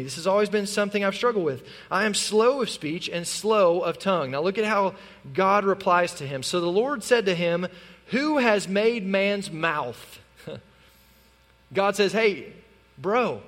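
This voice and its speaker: A male pastor preaching an animated sermon in a church, acting out the lines he quotes. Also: sits high. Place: church sanctuary. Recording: long reverb of a large hall.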